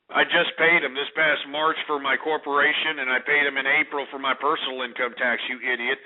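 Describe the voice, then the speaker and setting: A man's voice: mid-range voice, level tone, brisk, a crowd in the background. A man hosting a call-in radio show, ranting brashly and insulting his callers. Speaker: radio talk show host. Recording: narrow phone-like radio audio.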